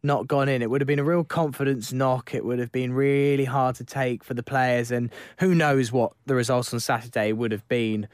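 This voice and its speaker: A man's voice: medium pitch, steady tone, normal speed, hardly any pauses, no echo, studio quality. Man hosting a chatty football podcast. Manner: leads the talk with questions, chatty. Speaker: podcast host. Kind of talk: casual football podcast chat.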